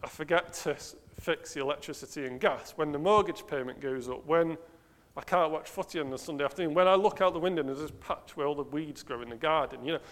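A man's voice: a little high, fast, fairly bright tone. Man preaching in a reverberant hall. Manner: earnest, self-questioning, asks the listeners rhetorical questions. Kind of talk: sermon.

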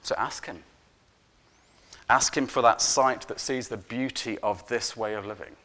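Earnest male preacher delivering a sermon. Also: fairly low pitch. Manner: earnest, emphatic, with repeated words; swings from loud emphasis to soft, hushed endings.

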